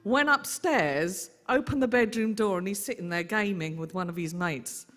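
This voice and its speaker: A middle-aged woman, an aunt telling lively stories in a memorial tribute. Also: mid-range voice, normal speed. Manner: lively anecdotal storyteller. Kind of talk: eulogy storytelling.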